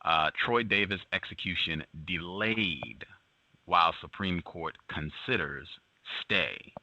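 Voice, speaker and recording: A man hosting a talk show, giving news commentary in a halting way, with many fillers and emphatic repetition. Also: sits low, bright, forceful tone, no room sound. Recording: dull lo-fi sound.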